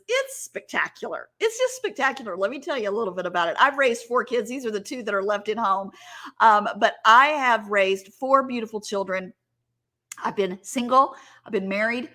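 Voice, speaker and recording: A woman's voice: a little high, animated, a little fast, sharp tone. A middle-aged woman giving a heartfelt personal talk, chatty and earnest, getting choked up and trailing into restarts. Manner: chatty, with filler words and restarts. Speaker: sales director giving a talk.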